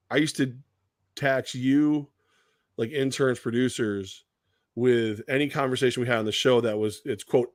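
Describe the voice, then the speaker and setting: A man's voice: medium pitch, no echo, studio quality. A man co-hosting a radio sports talk show, chatting casually and acting out the voices of people he quotes, swearing now and then.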